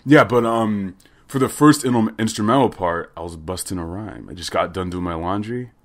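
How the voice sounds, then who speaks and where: A man hosting a podcast, chatting casually in a loose, excitable, joking way. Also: on the low side, moderate pace. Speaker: podcast host.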